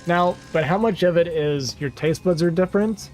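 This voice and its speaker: A man's voice: on the high side, normal speed, a little mellow, faint music behind. Rambling man chatting on a livestream. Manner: rambling and talkative, reading chat aloud. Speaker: livestream host. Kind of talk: casual chat to a stream audience.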